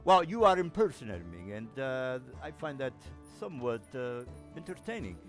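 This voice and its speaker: A man voicing a suave, regal male vampire lord with a put-on accent, speaking slowly and grandly. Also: mid-range voice, sing-song, over music, close to an everyday voice. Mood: amused. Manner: puts on an accent, slow and mannered.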